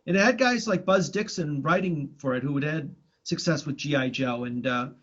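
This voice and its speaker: Rambling man with a slightly high voice. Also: moderate pace, fairly bright tone. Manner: rambling, many restarts and fillers. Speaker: podcast co-host. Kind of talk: casual chat about old cartoons. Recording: dull lo-fi sound.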